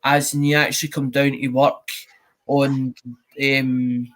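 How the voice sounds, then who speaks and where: A man's voice: medium pitch, level tone, takes it slowly, fairly bright tone, rough recording. A man with a Scottish accent chatting casually on a stream panel, rambling and restarting his sentences. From Scotland. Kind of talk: casual chat.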